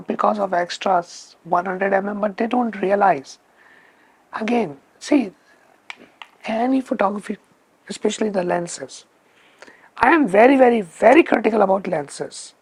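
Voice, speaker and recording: Gravelly, slow-talking man. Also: sits high. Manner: emphatic, repeats words for stress. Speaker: photography channel host. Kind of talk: casual spoken lens review.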